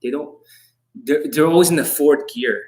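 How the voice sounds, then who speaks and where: A man's voice: fairly high pitch, normal speed, darkish tone. Intense, profane man coaching on a live stream. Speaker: dating coach.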